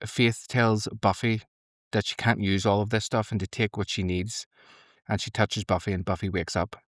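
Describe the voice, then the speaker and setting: A young man co-hosting a podcast, recapping an episode in casual, animated chat and laughing often. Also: normal speed, no room sound, clean studio sound. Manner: animated, laughing, mimics characters in high squeaky voices. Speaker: podcast co-host. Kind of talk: casual reaction commentary.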